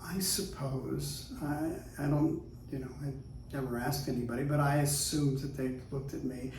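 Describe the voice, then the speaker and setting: A man in his sixties from the United States, telling stories in a relaxed interview, chatty and laughing easily. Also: mid-range voice, normal speed, a little hiss or hum. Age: 60s. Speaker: guest. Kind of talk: casual interview storytelling. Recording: roomy, distant mic.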